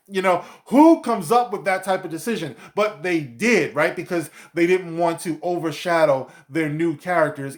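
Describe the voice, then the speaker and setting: A man giving a profane, sarcastic rant as a video commentator, with many fillers like "you know". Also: fairly high pitch. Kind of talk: ranting commentary vlog.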